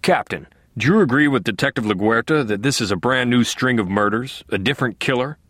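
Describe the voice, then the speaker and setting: A man's voice: medium pitch, fairly quick, a bit bright, no room sound, studio quality, lightly acted. A man voicing a skeptical male reporter asking pointed questions. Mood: probing. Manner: reasonable, questioning.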